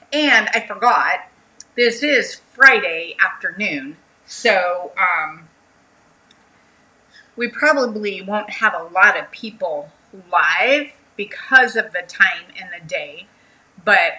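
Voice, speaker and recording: A woman's voice: medium pitch, bright, forceful tone, poor audio. A woman hosting a casual craft livestream, chatting and greeting her viewers by name.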